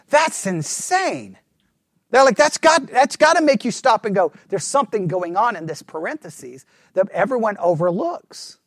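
A man preaching a sermon, asking the congregation questions and swinging between fervent emphasis and hushed asides. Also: sits high, normal speed, dry recording, clean studio sound. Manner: animated preaching, rhetorical questions, drops to a hush for asides. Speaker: pastor.

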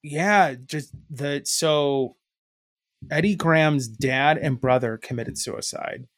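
A man's voice: a little high, slow, no echo. A man co-hosting a podcast, chatting loosely and telling rambling stories full of filler words. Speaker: podcast co-host. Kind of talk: casual chat.

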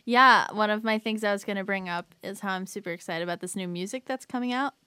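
A woman's voice: mid-range voice, fast talker, pushed and bright, clean tone, no echo. A young woman on a casual podcast, talking eagerly about new albums. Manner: enthusiastic about music. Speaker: podcast regular. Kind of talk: casual chat.

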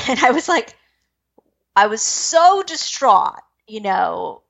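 Woman, from western Canada, bright voice, lively storyteller, dull lo-fi sound. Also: a little high, creaky. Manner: lively, quick-moving storyteller who acts out her own past thoughts. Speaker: guest, spiritual medium. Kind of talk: personal storytelling interview. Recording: dull lo-fi recording.

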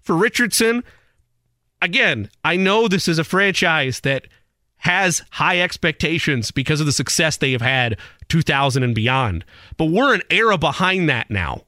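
A man co-hosting a sports radio show, arguing his opinions in quick bursts on a studio mic. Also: a little high, very animated, sharp tone, no echo. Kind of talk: casual sports radio chat.

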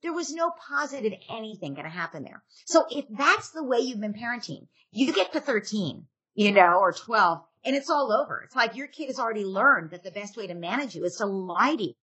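A woman's voice: a little high, lively intonation, fairly quick, hardly any pauses, fairly bright tone, breathy edge. A woman who is a parenting author, giving advice in a podcast interview, earnestly checking in with "right?" as she makes her points. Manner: acts out parent and child quotes.

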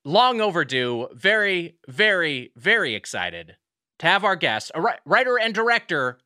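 A man co-hosting a podcast over a video call, easygoing and quick to laugh. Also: sits high, sing-song, bright, forceful tone, dry recording, studio quality. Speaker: podcast co-host.

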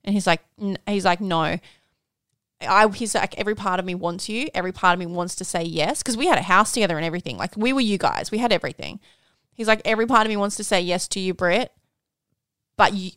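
A woman's voice: on the low side, fast talker, a bit bright, clean tone, no echo, studio quality. A woman, co-hosting a podcast and telling a personal story in casual chat, candid and swearing freely. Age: 30s. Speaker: podcast co-host.

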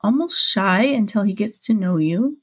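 A woman guest on a podcast interview, telling a personal story in a lively way, acting out the dialogue and laughing often. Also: medium pitch, normal speed, husky.

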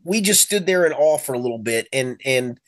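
A man's voice: medium pitch, fairly quick, no room sound. Chatty male sports podcast host. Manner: animated anecdotes, acts out quoted friends. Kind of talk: casual sports chat, storytelling.

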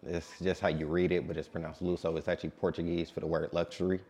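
A man in his late twenties from Detroit, a DJ talking calmly and in a laid-back way as an interview guest. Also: deep voice, quick pace. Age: late 20s. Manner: calm, laid-back talker. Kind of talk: casual interview.

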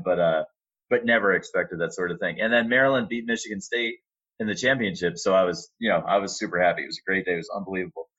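A middle-aged man, an arena announcer, telling a relaxed story with fillers in a casual interview. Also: low-pitched, lo-fi sound. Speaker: arena announcer and sports media relations staffer.

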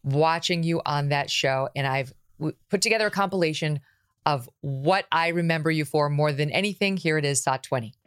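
A woman hosting an interview, asking quick, direct questions. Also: deep voice, clear, resonant tone, dry recording, clean studio sound. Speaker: host.

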